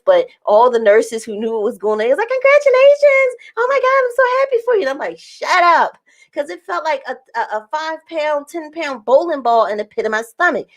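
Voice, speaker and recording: A young woman vlogging to camera in casual storytelling, acting out quoted lines in a raised voice and laughing often. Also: a little high.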